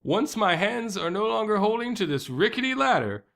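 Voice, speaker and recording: Man doing a formal polite adventurer, raised pitch, lively, flowery. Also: moderate pace, vocal fry, full character voice. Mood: pleading.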